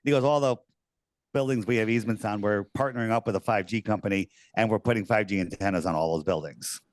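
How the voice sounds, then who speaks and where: Animated storytelling man, dry close mic. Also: on the low side, fast, no echo. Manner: animated, swears, acts out quoted voices. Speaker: guest. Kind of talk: casual storytelling interview.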